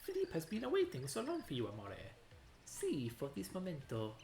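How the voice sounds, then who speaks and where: A woman's voice: low-pitched, huge pitch swings, brisk, dark tone, reverberant, a little hiss or hum, exaggerated voice. A woman voicing a lovesick male paper pixel companion with a put-on Italian-sounding accent and flowery, broken English, reading game dialogue aloud. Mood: crooning.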